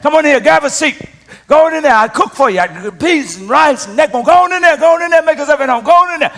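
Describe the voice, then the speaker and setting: A man voicing an elderly aunt from the American South, hospitable and firm in her faith, repeating her loud invitations to come in. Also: extremely high pitch, lively intonation, fast, pitched above the performer's own voice, full character voice. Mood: welcoming.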